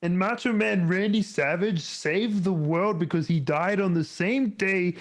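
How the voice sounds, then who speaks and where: A man's voice: high voice, a little slow. A man in casual chat among players, teasing and joking.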